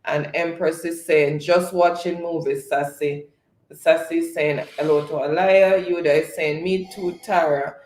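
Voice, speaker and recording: A man hosting a live stream, reading viewers' chat comments aloud in a relaxed way and often laughing. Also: a little high, measured pace, a little hiss or hum. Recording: echoey room.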